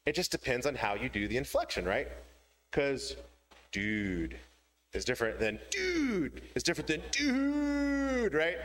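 Guy preaching in church, super animated, pitch bouncing all over, telling a story. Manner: lively, animated storytelling with playful voice changes. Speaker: pastor. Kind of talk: sermon with storytelling. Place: church hall before a congregation.

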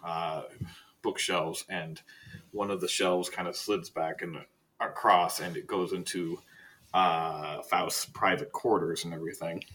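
A man narrating a tabletop game as game master, casual and halting. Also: deep voice, fairly even intonation, a bit bright, slight background noise. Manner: casual, halting, with many fillers.

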